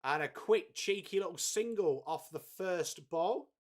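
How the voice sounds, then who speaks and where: Sweary stream host. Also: male voice, high-pitched, animated, measured pace. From England. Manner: chatty, swears freely, greets viewers by name. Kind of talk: casual live watchalong chat.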